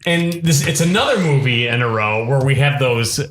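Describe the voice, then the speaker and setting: A man's voice: mid-range voice, expressive, fairly bright tone. Joking man in an echoey room. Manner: joking, quick one-liners. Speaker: podcast co-host. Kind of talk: casual movie review chat.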